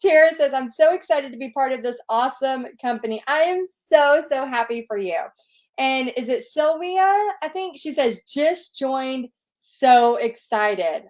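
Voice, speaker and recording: A middle-aged woman hosts a relaxed live Q&A and reads viewer comments aloud. Her voice sits somewhat high, and she gushes warmly and effusively over each one. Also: measured pace. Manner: bubbly, gushing, effusive. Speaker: host reading viewer questions. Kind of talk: casual live Q&A.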